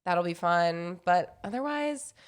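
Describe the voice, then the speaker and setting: A woman's voice: fairly low pitch, animated, slow pace, clean tone. A young woman co-hosting a podcast, chatting casually, teasing and laughing often. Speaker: podcast co-host. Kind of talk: casual chat.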